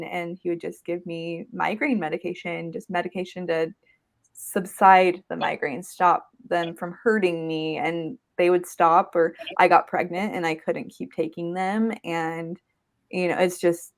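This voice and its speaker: A woman hosting a casual live show, chatty and laughing often. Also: on the low side. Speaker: host.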